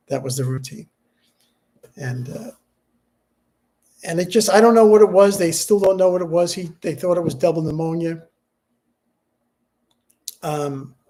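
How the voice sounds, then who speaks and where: A middle-aged man, grieving and subdued, talking haltingly in a personal vlog, with many restarts and fillers. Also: fairly high pitch, mellow. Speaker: vlogger.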